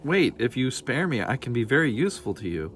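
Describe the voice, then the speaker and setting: A man's voice: medium pitch, sing-song, fairly quick, a bit bright, slight background noise, voice pushed up. A meek, frightened old nanny, as a man puts her on, stammering and fretful. Her voice sits well above his own, thin and anxious, like a storybook grandmother. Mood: pleading. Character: timid old woman, a fired royal nanny, meek and stammering.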